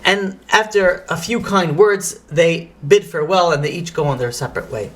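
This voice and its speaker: A rabbi telling a story in a lively lecture, sprinkling in Hebrew and Yiddish phrases. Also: male voice, high voice, normal speed.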